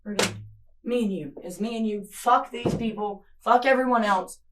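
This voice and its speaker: In an interrogation room, a woman confronts someone about her missing child, her pleas mixed with anger and swearing. Her mid-range voice moves at a moderate pace, recorded from a distance by a surveillance camera with faint noise.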